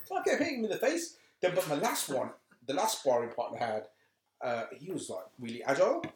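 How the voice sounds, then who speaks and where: A man's voice: on the high side, sing-song, fast talker. Rambling man in an echoey room. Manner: laughing, rambling storyteller. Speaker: podcast co-host. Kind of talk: casual chat. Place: home room.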